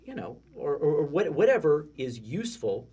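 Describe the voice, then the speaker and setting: A man's voice: fairly high pitch, sing-song, normal speed, mellow, slightly rough. A man with a Southern US accent, from Texas, explaining ideas in casual podcast chat and often restarting his sentences. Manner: explanatory, stacks restarts when thinking.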